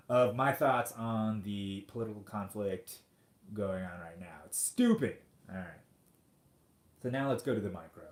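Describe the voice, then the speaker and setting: A man in his forties hosting a podcast, delivering a profane, sarcastic rant into a microphone. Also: medium pitch. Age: 40s. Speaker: podcast host. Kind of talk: ranting monologue. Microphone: studio microphone. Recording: roomy echo.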